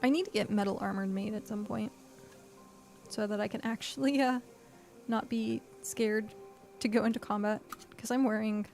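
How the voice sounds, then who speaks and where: A woman's voice: mid-range voice, fairly even intonation, moderate pace, vocal fry, darkish tone, soft background music. A woman streaming a game, chatting casually and thinking aloud with lots of fillers. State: hiccuping. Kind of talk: casual gameplay chat.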